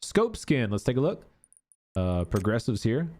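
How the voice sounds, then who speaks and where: A man talking through a game update at an easy, unhurried pace, thinking aloud as he goes. His voice sits at an ordinary middle pitch, and he fills his sentences with loose, chatty asides. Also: big pitch swings, darkish tone, a little hiss or hum. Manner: thinking aloud, chatty, fond of filler words. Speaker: gaming YouTuber. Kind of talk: casual gameplay commentary.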